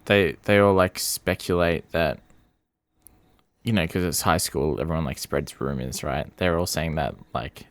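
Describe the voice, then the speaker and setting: A man's voice: a bass voice, unhurried, dry recording. A man co-hosting a casual film review podcast who talks hesitantly, with many fillers and restarts. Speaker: podcast co-host.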